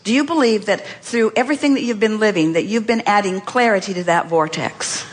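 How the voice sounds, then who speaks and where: A woman speaks from a seminar stage, coaching an audience member. Her delivery is emphatic and repetitive, often quoting the listener back to them. Her mid-pitched voice rings with long reverb in a large hall, heard on an archived recording. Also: a little fast. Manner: emphatic, repeats phrases, quotes the listener back.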